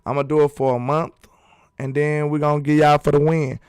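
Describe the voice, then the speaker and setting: A man's voice: fairly high pitch, level tone, a little fast, darkish tone, clean tone, no echo, studio quality. A man hosting a sports channel in a casual live-stream chat, talking loosely and reading viewers' comments aloud.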